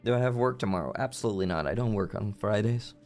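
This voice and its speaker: A man's voice: lowish voice, fast talker. Cursing gamer man over game music. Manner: swearing, frustrated, breaks into shouts. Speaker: streamer. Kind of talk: live gameplay commentary.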